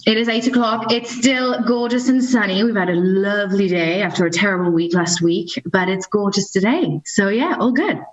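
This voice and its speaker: A woman's voice: medium pitch, normal speed, few pauses, lo-fi sound. A woman from France with a British English accent, a cheerful podcast guest talking over a video call. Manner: cheerful, lively.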